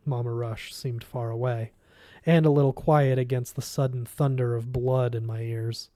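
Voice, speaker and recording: A man reads a novel aloud, narrating in the first person at a steady pace. His voice is mellow and relaxed. The recording is dry and close. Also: medium pitch, moderate pace, no room sound. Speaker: reader.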